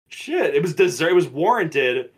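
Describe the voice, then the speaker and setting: A man's voice: fairly high pitch, a little slow, slightly rough. A man in his twenties co-hosting a podcast, telling school stories in casual chat, swearing freely and acting out the people in them. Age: 20s. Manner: profane, animated, mimics people in stories. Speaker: podcast co-host.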